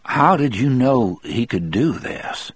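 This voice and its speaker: A man's voice: medium pitch, sing-song, slow pace, slightly rough, pitched above the performer's own voice, full character voice. A man reading as a dazed, grateful husband. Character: stunned middle-aged husband, shaken and grateful.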